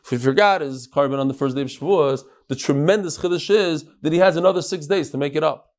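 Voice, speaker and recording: A man teaching a daily Talmud class to a live audience in a study hall, lively and joking, with Hebrew and Aramaic terms in his English. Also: a little high, fast.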